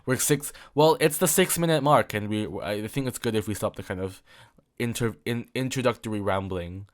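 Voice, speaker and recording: Teen guy from england rambling solo on his podcast, lowish voice, keeps repeating himself, lots of likes and ums. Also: moderate pace. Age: late teens. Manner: rambling, repeats words, many fillers. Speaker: podcast host.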